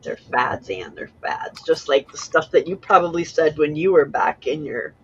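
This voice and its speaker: A woman's voice: low voice, lively intonation, moderate pace. A woman in her sixties from California, chatting and laughing easily with friends. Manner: giggly, easygoing. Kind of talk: casual chat. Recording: muffled, noisy call audio.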